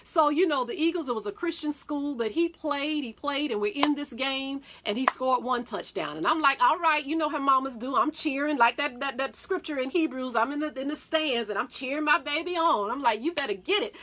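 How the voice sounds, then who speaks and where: A middle-aged woman, telling a story about her son to her viewers in a folksy, animated way. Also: sits high, brisk, hardly any pauses, noisy background. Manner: folksy Southern-style talk, addresses viewers as y'all.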